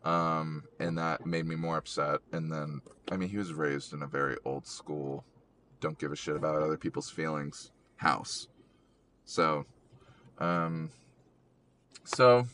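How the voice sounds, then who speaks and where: A young man with a deep yet bright voice talks slowly about personal matters on a podcast, recorded in a car. He stumbles and restarts often, with hesitant ums. A faint hum of road noise sits under his voice. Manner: halting, many ums and restarts, emotional. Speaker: podcast host. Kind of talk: casual podcast chat.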